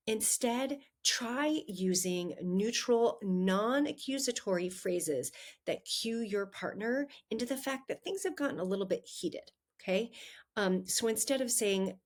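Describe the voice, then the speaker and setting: A woman's voice: mid-range voice, expressive, measured pace. A middle-aged woman hosting a solo advice podcast as a relationship coach, talking conversationally with frequent "um" and "right?" tags.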